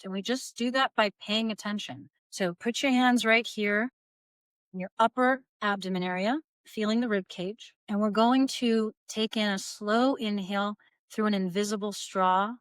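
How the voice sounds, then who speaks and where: A woman voice coach, seated in her small studio, calmly guiding listeners through breathing and projection exercises. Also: mid-range voice, smooth, dry recording. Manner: calm, guiding, breaks into vocal demonstrations. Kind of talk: instructional voice lesson. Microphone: seated at camera.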